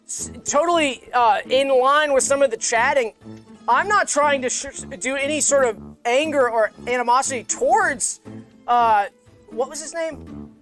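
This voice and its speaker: A man co-hosting a comedy livestream, rambling in a mock-earnest deadpan and repeating himself. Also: very high-pitched, a little slow, soft background music. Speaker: co-host.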